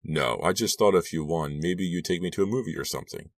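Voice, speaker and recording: A man's voice: deep voice, fast talker, no room sound, distant mic. A man voicing a teasing teenage boy in an audiobook. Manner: teasing, dry.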